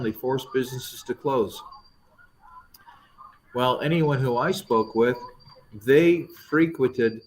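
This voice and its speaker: A middle-aged man, a politician guest, answering interview questions in an earnest, halting way with many fillers and restarts. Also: medium pitch, low-quality recording.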